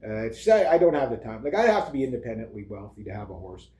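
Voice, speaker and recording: A man's voice: mid-range voice, lively intonation, fast talker, warm tone. A middle-aged man rambling casually in a vlog, full of fillers and chuckling asides. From Canada. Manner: meandering, lots of uh and like, chuckling asides. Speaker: vlogger. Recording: roomy echo.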